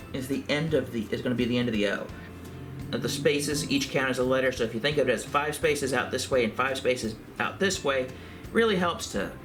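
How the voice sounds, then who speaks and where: A man giving a calm, step-by-step craft tutorial for a library. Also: mid-range voice.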